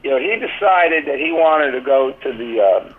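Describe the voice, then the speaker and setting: Heard on a tinny phone-line call, this older guest has a mid-range, breathy voice with lively intonation at a normal speed. He's a former team athletic trainer turned author, rambling through anecdotes in a casual interview and saying "you know" constantly.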